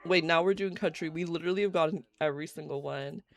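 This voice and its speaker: A woman streamer with a deep voice talks fast while playing a life-simulation game live, chatty and giggly as she reacts to the gameplay. Faint game music plays behind her.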